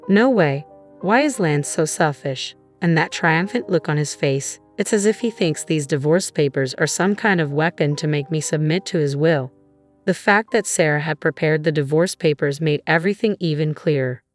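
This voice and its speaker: A woman narrating a first-person story in a steady, measured manner. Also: low-pitched, faint music behind.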